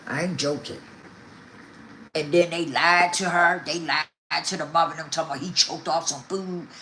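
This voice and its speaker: A woman's voice: low-pitched, fairly even intonation, moderate pace, pushed and bright, a little hiss or hum. An older woman talking casually to her viewers, emphatic and repetitive. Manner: emphatic, repeats herself, talks straight to viewers. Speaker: vlogger.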